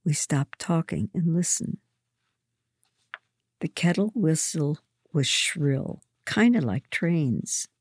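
Woman storyteller, low and husky, slow measured first-person reading, dry close mic. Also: lively intonation, no echo.

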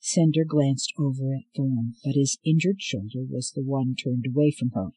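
A man reading an audiobook as narrator in a steady, measured way. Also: medium pitch, husky, low-quality recording. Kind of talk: scripted narration.

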